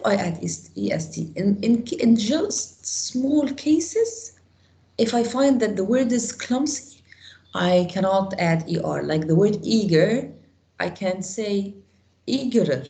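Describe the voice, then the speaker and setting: Lady teacher walking a class thru grammar, kinda gravelly low-key voice, echoey room. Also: warm tone. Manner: explains step by step, asks the class questions. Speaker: English teacher.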